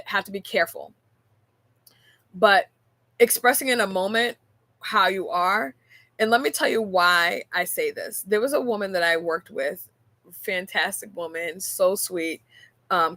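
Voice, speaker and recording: A woman's voice: mid-range voice, moderate pace, a bit bright, dry recording. A woman hosting a casual faith-based talk, speaking earnestly and telling stories with frequent rhetorical questions. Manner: earnest, storytelling, rhetorical "right?". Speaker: podcast host. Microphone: on camera.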